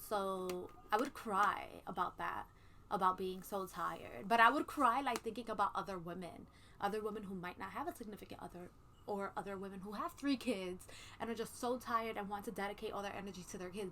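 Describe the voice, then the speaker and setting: A woman's voice: mid-range voice, fairly quick, pushed and bright, poor audio. A woman vlogging casually at home, chatting candidly with lots of ums and likes and the odd swear word. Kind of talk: casual pregnancy update vlog. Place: home room with a ceiling fan running. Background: faint ceiling fan hum.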